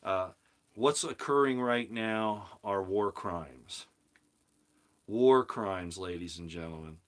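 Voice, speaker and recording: Here a live stream host talks casually through viewer comments, his low, somewhat bright voice moving a little slowly. The monologue rambles, words get repeated and restarted, and he pushes his arguments with mounting emphasis.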